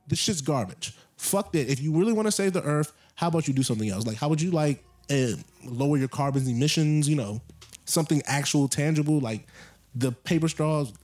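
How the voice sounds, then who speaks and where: A man's voice: on the high side, a little fast, a little mellow. A young man chatting casually on his podcast, joking and going off on rambling rants about his pet peeves. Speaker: podcast co-host. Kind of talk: casual chat.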